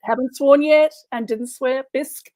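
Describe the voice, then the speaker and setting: A woman's voice: high voice, steady tone, moderate pace, darkish tone. A woman guest on a podcast, chatting casually with playful asides. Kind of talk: casual chat.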